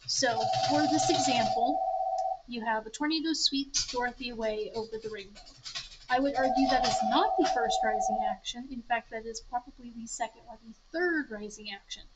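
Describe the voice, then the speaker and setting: A woman's voice: on the high side, normal speed, very noisy. A young woman leading a writing club, explaining story structure in a casual, chatty way and stopping now and then to correct herself. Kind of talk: casual teaching to a group. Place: public library meeting room.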